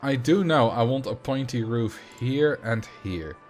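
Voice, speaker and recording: A man's voice: mid-range voice, lively intonation, a little slow, darkish tone, faint music behind. A man, streaming a building game, chatting casually, reading chat and thinking aloud with self-mocking humor. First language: Dutch.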